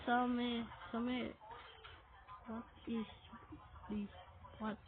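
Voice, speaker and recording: A woman's voice: a little high, level tone, very slow. A woman chatting casually while playing a game, asking short questions over and over and yelping when scared. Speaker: gamer playing with a friend. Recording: tinny phone-like audio with faint hiss.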